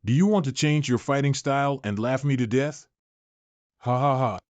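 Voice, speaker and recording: A man voicing an arrogant, mocking male clan bully in a manhwa recap, read in a flat, even way. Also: medium pitch, normal speed, no room sound, natural voice.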